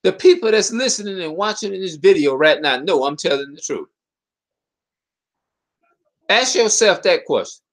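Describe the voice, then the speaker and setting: High-voiced man preaching at his viewers. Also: animated, brisk, hardly any pauses, a bit bright. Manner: preachy, hammers repeated rhetorical questions; stumbles and restarts mid-sentence. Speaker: video commentator. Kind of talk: impassioned spoken monologue to viewers.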